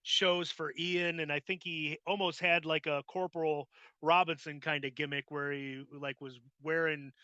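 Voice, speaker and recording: Male host, casual chat, rambling, crisp dry sound, very bright tone. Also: fairly high pitch, little pitch movement, moderate pace, dry recording, lo-fi sound. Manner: rambling, full of "like" and restarts. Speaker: podcast host.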